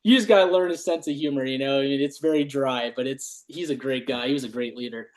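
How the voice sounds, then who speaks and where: A middle-aged man who used to be an army dog handler tells stories on a podcast in a casual chat. His mid-range voice moves at a quick pace, and he swears freely and laughs often.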